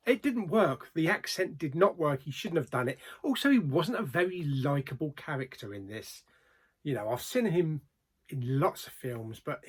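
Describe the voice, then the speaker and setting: A man reviewing films in a casual vlog, plain-spoken, with frequent ums and trailing pauses. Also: on the high side, fairly bright tone. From Australia. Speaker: movie reviewer.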